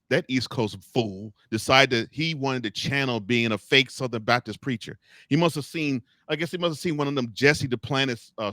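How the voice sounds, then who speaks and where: The host's voice is mid-range and recorded with no room sound. A man on a sports talk show, he discusses college football with animated humor, directly addressing the coaches and officials in question.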